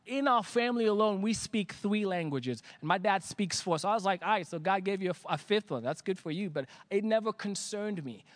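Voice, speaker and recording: A man from Africa preaching a sermon to an online audience, with animated storytelling. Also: sits high. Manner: animated, acts out his younger self in quoted asides. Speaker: pastor. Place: empty church streamed online.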